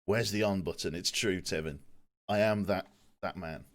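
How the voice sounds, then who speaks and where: Speaking at a normal speed in a deep voice, this twenty-something man hangs out on a live game stream, cracking jokes at his own expense and cursing offhandedly. He's in a home room using a desk mic.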